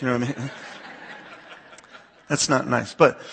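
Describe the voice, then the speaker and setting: A man's voice: mid-range voice, takes it slowly, vocal fry, pauses often, fairly bright tone, slightly rough. A youth pastor in his forties who grew up on the US East Coast, giving a talk to a church audience in a conversational manner, repeating words and asking listeners to raise their hands.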